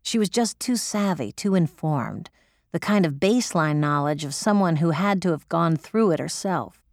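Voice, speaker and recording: A woman's voice: deep voice, animated, normal speed, dry recording, clean studio sound. A woman narrating in the first person as an audiobook reader, gritty, profane and emotional.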